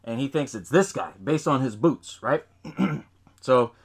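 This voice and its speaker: A man's voice: mid-range voice, a little slow, slightly rough. A man hosting a podcast, recapping a film in loose casual chat, swearing often, laughing and acting out lines from scenes. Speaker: podcast host.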